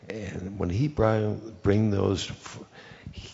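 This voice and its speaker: Very slow, gravelly, halting low man. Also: little pitch movement, warm tone. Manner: halting, searching for words. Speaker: spiritual teacher answering questions. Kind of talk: conversation on stage. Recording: muffled recording with faint room noise.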